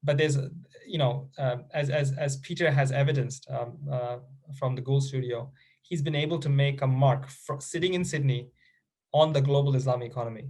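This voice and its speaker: Halting man handing over on a panel. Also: mid-range voice, a little mellow. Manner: halting, many restarts. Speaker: panel speaker. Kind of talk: online panel remarks.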